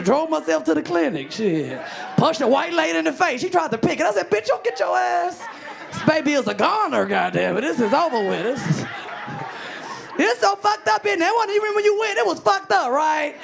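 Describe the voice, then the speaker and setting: Brash, gravelly-voiced woman comic. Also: high-pitched, background noise. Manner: brash, crude delivery. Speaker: stand-up comedian. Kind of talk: stand-up comedy set. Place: comedy club stage.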